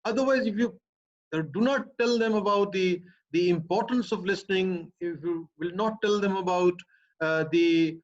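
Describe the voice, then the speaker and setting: A professor with a Pakistani English accent answers a student's questions in an explanatory academic talk, making his point emphatically and piling up repeated phrases. His voice is high and his speed normal, captured in a muffled lo-fi recording.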